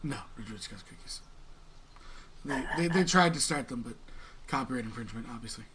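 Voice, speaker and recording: A man narrating as game master of a tabletop game in a relaxed, rambling way. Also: mid-range voice, brisk. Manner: relaxed, rambling, many fillers.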